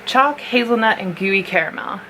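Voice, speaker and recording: A woman's voice: mid-range voice, expressive, moderate pace, bright, forceful tone, poor audio. A woman chatting casually in a home vlog, rambling and giggling while she snacks. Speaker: vlogger. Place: home, indoors. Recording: clear background noise.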